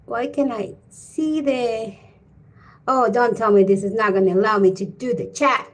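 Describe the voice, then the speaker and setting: Streaming live and informally from home, a middle-aged woman with a high voice welcomes each viewer by name. Her pace is easy and unhurried as she muses aloud.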